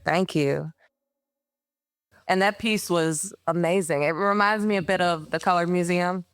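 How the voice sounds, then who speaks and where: Smooth-voiced woman interviewer. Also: on the low side, fairly even intonation, measured pace, no room sound, clean studio sound. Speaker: podcast interviewer. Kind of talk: casual interview.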